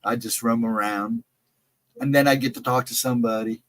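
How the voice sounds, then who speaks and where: A man's voice: mid-range voice, fairly even intonation, moderate pace, fairly bright tone, no room sound. A man hosting a casual livestream chat, rambling and easygoing, often laughing. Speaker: host.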